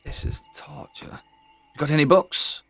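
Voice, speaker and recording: A man's voice: medium pitch, expressive, moderate pace, pushed and bright, dry recording. A man voicing a sarcastic, swearing male halfling prisoner in a tabletop game. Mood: exasperated.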